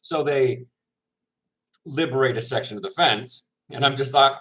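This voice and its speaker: A man in a loose, casual chat to his viewers, rambling from point to point and breaking into laughs. He talks with his mouth full, so his words are a little thick. His voice sits at a mid pitch. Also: moderate pace, fairly bright tone, low-quality recording. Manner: rambling, laughs often, self-correcting. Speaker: semi-pro football linebacker vlogger.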